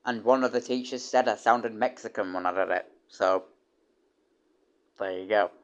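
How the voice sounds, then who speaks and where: A young man from the United Kingdom chats casually on a stream in a lowish voice at normal speed. He rambles with many restarts and swears casually, and the stream audio is dull and lo-fi.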